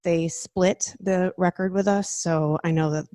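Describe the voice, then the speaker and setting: A woman's voice: on the low side, steady tone, measured pace, dark tone, no room sound, studio quality. A woman musician joining a podcast over a video call from home, easygoing and casual. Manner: laughing, easygoing. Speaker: musician guest. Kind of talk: casual interview chat.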